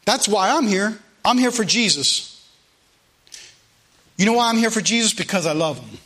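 A man's voice: high-pitched, lively intonation, moderate pace, sharp tone. A man pastor, preaching a sermon in a church in an earnest, conversational way full of asides and repeated phrases. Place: church sanctuary.

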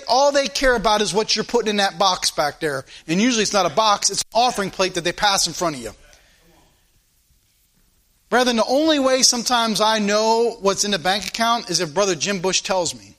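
A man preaching a sermon in a church as a pastor, swinging between loud emphasis and quiet asides, repeating phrases for emphasis. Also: high-pitched, lively intonation, a little fast. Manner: informal spoken grammar, repeats phrases for emphasis.

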